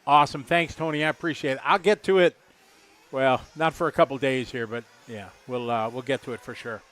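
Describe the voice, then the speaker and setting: A man in his fifties doing relaxed, rambling live race commentary, chatty and jokey. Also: medium pitch, fairly quick. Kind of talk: casual live commentary chat.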